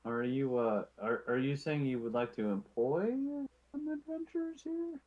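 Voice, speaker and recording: A man's voice: mid-range voice, very animated, moderate pace. A man playing a tabletop game, teasing and poking at the other characters. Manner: teasing, likes to poke at people. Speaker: player. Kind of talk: tabletop role-play in character. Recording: dull lo-fi audio.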